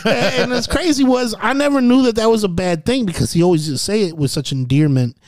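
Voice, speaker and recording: A man in casual podcast chat, an animated storyteller who slips Spanish phrases into his talk. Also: high voice, fast talker, no room sound, studio quality.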